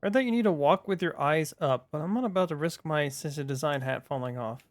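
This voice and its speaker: A man's voice: fairly high pitch, a little fast, no echo. A man streaming a video game, chatting playfully with his viewers and joking at the game. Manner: playful, talks to chat, jokey exclamations. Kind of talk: casual gameplay commentary.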